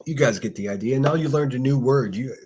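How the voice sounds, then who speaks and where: Husky and darkish, this medium-pitched man talks a little fast while hosting a casual solo livestream. He's from Pittsburgh, with a faint accent, and rambles profanely as he chats with viewers.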